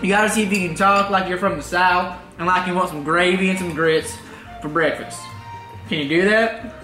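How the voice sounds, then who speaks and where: A man's voice: high voice, fairly even intonation, normal speed, sharp tone. A young man from Alabama, a family vlogger, talking casually and playfully with lots of fillers. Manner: chatty, filler-heavy, playful. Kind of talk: casual vlog talk. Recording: echoey room with faint music.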